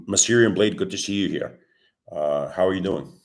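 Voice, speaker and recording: A man with a very low voice, hoarse from a sore throat, hosts a casual livestream. He talks in a calm, explanatory way and keeps clearing his throat between greetings to his viewers. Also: moderate pace. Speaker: crypto livestream host.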